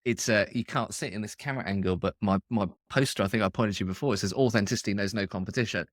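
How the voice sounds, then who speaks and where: A man's voice: on the low side, fast talker, no room sound, clean studio sound. A man hosting a podcast interview, reacting emphatically and repeating himself as he sums up the guest's points. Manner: emphatic, repeats words when praising. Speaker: podcast host. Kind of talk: casual interview chat.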